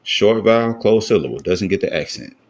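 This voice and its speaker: A man's voice: on the low side, animated, brisk. A man giving a casual, step-by-step grammar lesson, often checking in with his listeners. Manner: talks things through loosely, often asks "you know what I'm saying?". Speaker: self-taught Hebrew grammar teacher.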